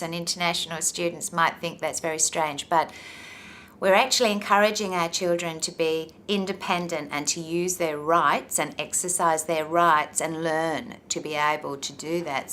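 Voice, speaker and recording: A woman explaining local customs to students in a relaxed, explanatory way, with interview questions in between. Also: low voice, a little hiss or hum. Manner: relaxed, explanatory, with frequent ums. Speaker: interviewer and university presenter. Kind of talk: informative talk and interview questions.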